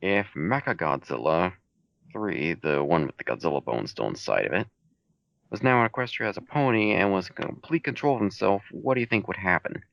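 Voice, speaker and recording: A man's voice: sits low, animated, fairly quick, vocal fry, a bit bright, no room sound. A man answering reader questions about his fan fiction in a casual, laid-back Q&A chat, with dry, matter-of-fact answers. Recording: dull home mic recording.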